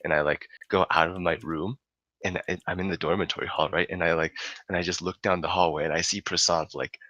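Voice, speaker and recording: A young adult man telling a story in casual chat, animated and laughing, swearing freely. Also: sits low, fairly quick, no echo, muffled recording.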